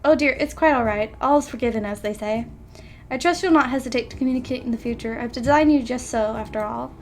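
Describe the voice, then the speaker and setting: Brief: a woman reading as a stern, proper male inventor, formal and clipped, voiced in a high register. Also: fast talker, a little hiss or hum, lightly acted. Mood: gentle, formal. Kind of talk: reading a visual novel aloud.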